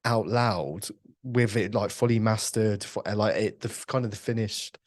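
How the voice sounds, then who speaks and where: Male podcast host, low voice, earnest and encouraging, dry close sound. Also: fairly even intonation, moderate pace, dry recording. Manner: earnest, encouraging, many fillers. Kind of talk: casual interview chat.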